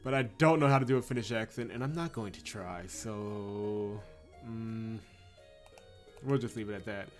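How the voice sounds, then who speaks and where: A man's voice: lowish voice, normal speed, faint music behind. A man streaming a visual novel, reading it aloud in a dramatic read-through with casual asides; he chuckles often and stumbles and corrects himself on words. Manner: chuckles often, breaks off into playful commentary.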